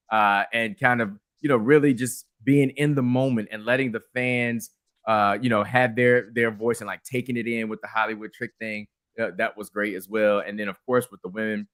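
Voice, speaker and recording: A man with a fairly low voice chats casually on a podcast, rambling and circling back through lots of fillers and restarts. He is recorded close and dry, with no room sound at all. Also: fairly bright tone, dry recording. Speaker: podcast co-host. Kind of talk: casual wrestling chat.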